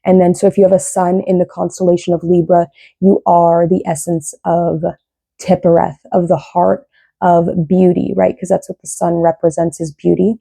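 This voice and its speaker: Low, gravelly woman reading tarot. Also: little pitch movement, normal speed, dark tone, dry recording. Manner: rambling, tags sentences with "right?". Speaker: tarot reader.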